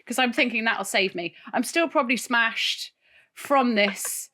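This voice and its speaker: A woman co-hosting a podcast, telling a funny story in casual chat, animated and often laughing. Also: a little high, unhurried. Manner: animated, laughing, tells stories with voiced asides. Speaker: podcast co-host.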